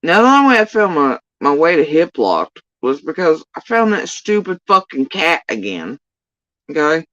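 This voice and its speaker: A woman YouTube drama commentator rants casually on a livestream, swearing, sarcastic, and exasperated. Her voice is low-pitched and a bit bright, with no room sound, on a dull, dry lo-fi recording.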